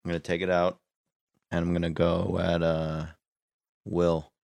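A man's voice: deep voice, monotone, measured pace, creaky, darkish tone, no room sound. A young man playing a tabletop game, laid-back and a little unsure. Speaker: player. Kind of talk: casual gaming banter.

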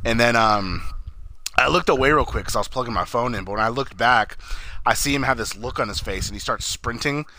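A man's voice: mid-range voice, brisk, bright, forceful tone. A man co-hosting a casual podcast, rambling and laughing as he recaps a TV episode and acts out lines, with plenty of swearing. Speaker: podcast co-host.

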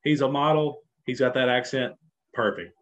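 On dull, lo-fi audio, a podcast co-host chats casually, full of enthusiasm and rambling with many false starts. His voice is mid-range and steady, at a moderate pace.

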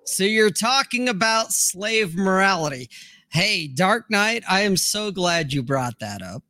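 Guy hosting a live stream, kinda high voice, bounces all over, lots of cussing. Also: measured pace, no room sound. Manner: animated, profane, laughs loudly, reads viewer comments aloud. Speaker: host of a live-streamed discussion. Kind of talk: casual live-stream chat.

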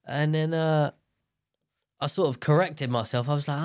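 A man's voice: a little high, moderate pace, a little mellow, clear, resonant tone, no echo, clean studio sound. A young man telling a rambling, self-mocking story in a casual monologue.

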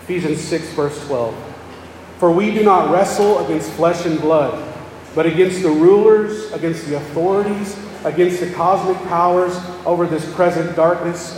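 A man's voice: on the high side, darkish tone, a little hiss or hum. A man preaching a sermon in a plain, conversational way, often checking in with the congregation. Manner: plain-spoken, repeats "okay?" to check on listeners. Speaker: pastor. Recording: echoey hall, voice from far off.

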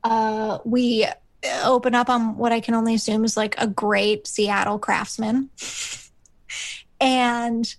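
A woman's voice: a little high, little pitch movement, slow pace, no room sound. A woman co-hosting a podcast, recapping a sitcom episode in a rambling, casual way with lots of fillers, acting out the characters' lines. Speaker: podcast co-host.

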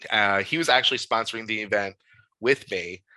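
Bright-voiced man telling a story. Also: on the low side, brisk, dry recording, low-quality recording. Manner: candid, animated storyteller with frequent fillers. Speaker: podcast guest. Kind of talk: casual interview storytelling.

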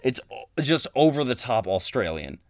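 A man's voice: medium pitch, very animated, normal speed, no echo, studio quality. A man co-hosting a podcast, reviewing a game in casual chat, laid-back and casually swearing. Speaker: podcast co-host.

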